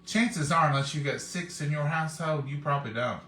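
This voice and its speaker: A man's voice: on the high side, a little fast, pushed and bright, roomy sound, a little hiss or hum. A man, hosting a live cooking stream and chatting with viewers in a homey, folksy way. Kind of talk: casual chat to viewers.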